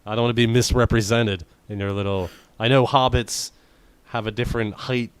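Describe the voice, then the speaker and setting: A man's voice: mid-range voice, fairly even intonation, a little fast, smooth, no room sound. A man co-hosting a casual podcast, joking around and reading strange news stories aloud with sarcastic asides. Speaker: podcast co-host.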